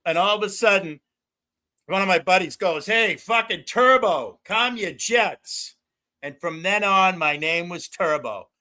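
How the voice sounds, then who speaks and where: Excitable, loud middle-aged man with a high, bright voice, hosting a rambling stream. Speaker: livestream host. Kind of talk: rambling casual chat. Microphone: no headphones.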